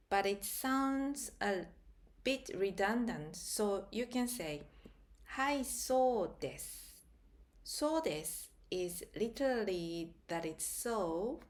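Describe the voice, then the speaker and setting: A woman teaching a beginners' grammar lesson, patiently explaining and repeating example sentences. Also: medium pitch. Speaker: Japanese language teacher. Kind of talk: slow grammar lesson narration.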